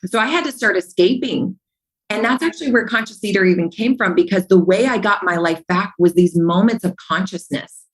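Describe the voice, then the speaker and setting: A woman guesting on a podcast speaks fairly quickly at medium pitch over poor audio. She tells stories with animation, acting out remembered conversations and repeating phrases to drive her points home.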